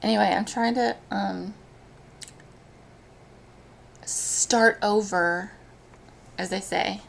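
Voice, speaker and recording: A woman chats on her live stream, talking through something painful. Her speech comes haltingly, full of restarts and trailing thoughts, at a moderate everyday pitch. Faint noise hums behind her. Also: fairly even intonation, vocal fry. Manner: emotional, halting, frequent restarts. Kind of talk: casual live-stream chat.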